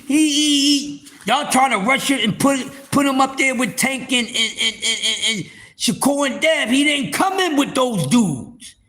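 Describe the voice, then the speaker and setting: Guy ranting on his live stream, high pitched and swooping all over, cusses a lot, repeats himself. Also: vocal fry, bright, forceful tone. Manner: heated, profane, repeats words for emphasis; speaks straight to the viewers as y'all. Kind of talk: casual boxing rant to a live audience.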